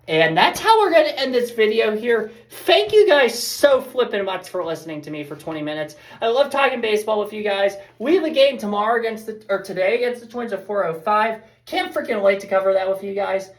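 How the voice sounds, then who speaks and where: A woman's voice: mid-range voice, animated, fairly quick. A woman giving a casual, rambling, fired-up baseball recap as host of a fan show. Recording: echoey room.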